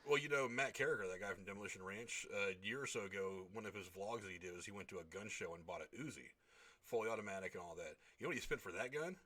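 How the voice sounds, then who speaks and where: Very fast-talking lower-voiced man. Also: lively intonation, sharp tone. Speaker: podcast co-host. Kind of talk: casual chat.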